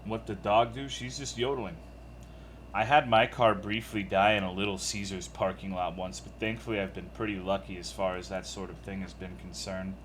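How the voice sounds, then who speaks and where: Male streamer, lowish voice, laid-back, profane, reading chat names. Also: little pitch movement, normal speed, a bit bright, a little hiss or hum. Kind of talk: casual live-stream chat.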